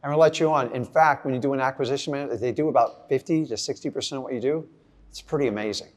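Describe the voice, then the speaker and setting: A man's voice: mid-range voice, racing. A middle-aged man giving a blunt, casual motivational talk to a live audience, acting out little scenes. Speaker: real estate investor speaking to an audience.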